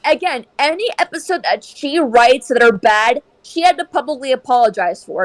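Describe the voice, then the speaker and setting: A woman's voice: sits high, animated, normal speed, hardly any pauses, no echo. A woman streaming a game and chatting casually, airing strong opinions in a ranting way. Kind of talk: casual chat while gaming.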